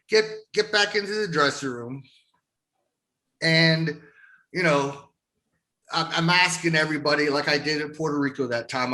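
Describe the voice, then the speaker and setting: A middle-aged man telling wrestling stories in a casual interview, swearing often and laughing as he goes. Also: a little high. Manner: profane, laughing, animated storyteller. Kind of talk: casual storytelling.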